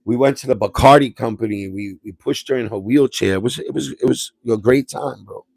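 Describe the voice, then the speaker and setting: A man's voice: mid-range voice, fairly quick, vocal fry, a little mellow, no room sound. A man from Puerto Rico hosting a livestream and telling a family story in a rambling, streetwise way, restarting his sentences and dropping slang. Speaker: livestream host.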